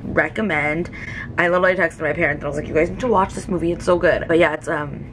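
A woman's voice: sits low, steady tone, fast, background noise. A young woman in a casual beauty vlog, talking emotionally to camera with lots of "like" fillers. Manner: chatty, emotional, many "like" fillers. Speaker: beauty vlogger.

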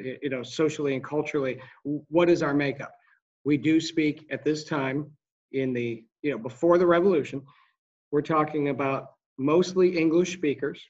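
Guy teaching history to a small class, kinda high voice, chatty with asides, muffled lo-fi sound. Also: darkish tone. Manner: conversational, with asides and quick restarts. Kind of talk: classroom lecture.

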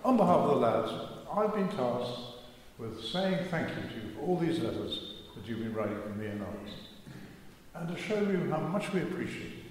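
An older man voicing a rough, excitable Irish male prisoner, loud and blunt, in an echoey church. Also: mid-range voice, far from the mic, slight background noise, natural voice.

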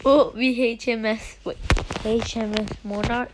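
A woman with a fairly high voice chats her way through a game in slow, unhurried phrases, giggling and muttering half to herself. A faint hiss of noise sits under the recording. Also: steady tone. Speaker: gaming streamer. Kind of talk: casual gameplay commentary.

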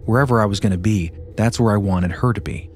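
Low-voiced man reading a story. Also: a little hiss or hum. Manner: steady, measured storytelling delivery. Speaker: podcast host. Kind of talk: reading a listener's story aloud.

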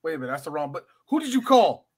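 Male podcast co-host, high and lively, loose and jokey. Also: rapid-fire, slightly rough. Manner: animated, laughing, mimics people. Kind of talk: casual movie chat.

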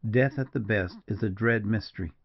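A courtly veteran frontier scout, as a male audiobook reader puts him on, low and gravelly, unhurried and earnest. The lo-fi recording dulls the voice. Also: close to an everyday voice. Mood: warm, courtly.

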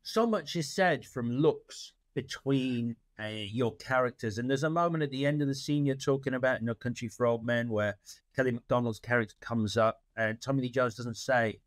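A male podcast host asks his guest questions in a relaxed, conversational way. His voice is mid-pitched and recorded close and dry, with the odd stumble. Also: normal speed, dry recording. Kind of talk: casual interview.

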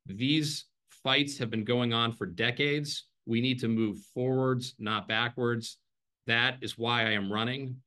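Man, 30s, American accent, bright low voice, earnest candidate statement, video call. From Ireland. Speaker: congressional candidate. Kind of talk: candidate forum opening statement.

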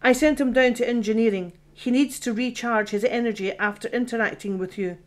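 A woman's voice: fairly high pitch, fairly quick, close to an everyday voice. A woman voicing a frightened male artificial intelligence who pleads and blurts out in exasperation, in an audiobook.

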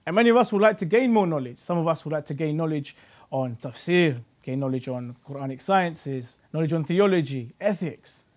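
Upbeat British talk show host. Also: male voice, on the high side, darkish tone. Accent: British English. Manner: upbeat, asks rhetorical questions. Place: TV studio.

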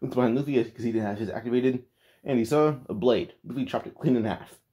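A man's voice: medium pitch, a little fast, mellow. A man casually retelling an anime fan story, rambling with lots of "like" and frequent restarts.

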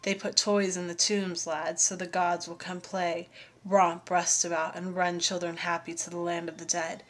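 A woman voicing an ancient, dusty old male mummy who speaks in urgent, hushed tones. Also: lowish voice, level tone, moderate pace, lightly acted. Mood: solemn.

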